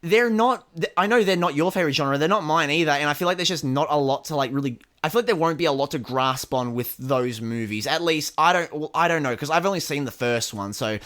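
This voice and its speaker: A man's voice: fairly high pitch, quick pace, few pauses, fairly bright tone. A man co-hosting a podcast, rambling in casual chat with lots of filler words and restarts. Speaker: podcast co-host.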